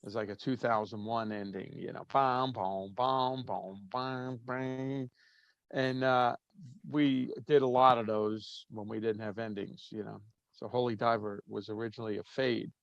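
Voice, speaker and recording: A man's voice: on the low side, steady tone, normal speed, gravelly, no echo. An easygoing man chatting as a guest, his talk loose and full of fillers. The sound is dry with little room behind it. It is also a bit muffled, as from a remote call. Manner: easygoing, rambling with many fillers. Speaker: drummer guest. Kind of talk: casual interview talk.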